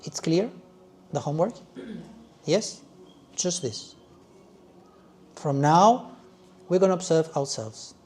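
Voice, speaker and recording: A male yoga teacher leading a class in an animated way, with halting phrasing and frequent "yes?" check-ins. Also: on the high side. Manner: loose, halting phrasing with restarts.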